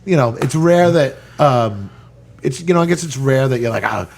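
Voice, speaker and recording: A man's voice: mid-range voice, expressive, normal speed, gravelly. A middle-aged man who owns a bar, hosting a casual podcast chat in a blunt, profane way. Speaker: bar owner and podcast host.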